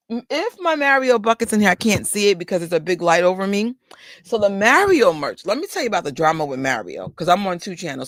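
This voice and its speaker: A woman's voice: fairly low pitch, a bit bright, no room sound, studio quality. A woman vlogger from New York chatting casually to her viewers, telling rambling stories full of fillers and asides. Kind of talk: casual livestream chat. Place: indoors under a bright light.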